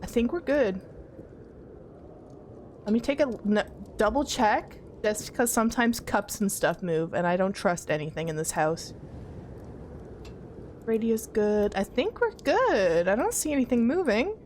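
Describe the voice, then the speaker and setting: A woman's voice: mid-range voice, lively intonation, unhurried, long pauses, darkish tone, slight background noise. A young woman streaming a horror game, jittery and talking to her chat as she checks things off aloud. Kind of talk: casual horror game let's play.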